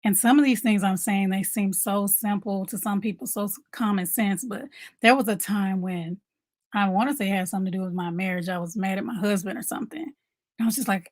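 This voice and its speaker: A woman's voice: mid-range voice, fairly quick, dry recording. Female mom coach, casual motivational talk to camera, repeats points, dry room sound. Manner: conversational, repeats key points, asks viewers questions.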